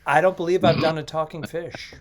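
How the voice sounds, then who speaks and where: A man co-hosting a comedy podcast over a video call, laughing easily and tossing off quick impressions. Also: fairly high pitch, steady tone. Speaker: podcast co-host. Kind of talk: casual comedic banter.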